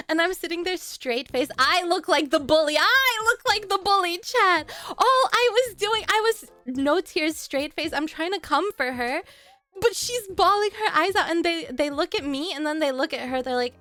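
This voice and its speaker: A young woman streamer telling a story to her chat in a casual, animated way, acting out what people said with big jumps in her voice. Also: moderate pace, soft background music. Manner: animated, acts out quoted lines with big pitch jumps and laughs.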